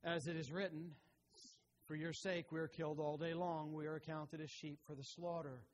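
Reading scripture with mounting force, this pastor swells loud and high for emphasis and softens low for tender moments. His tone is level overall and his pace moderate.

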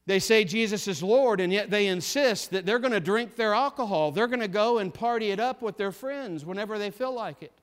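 Fervent high-voiced man preaching a sermon. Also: a little fast, hardly any pauses, smooth. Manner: fervent, emphatic, swings from loud urgency to hushed gravity; repeats phrases for emphasis.

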